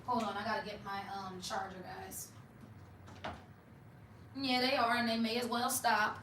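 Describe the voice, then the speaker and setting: A woman's voice: fairly high pitch, flat delivery, unhurried, echoey room, noisy background. A woman doing a casual tarot reading for viewers, talking in a blunt, mocking, sassy way. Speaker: tarot reader.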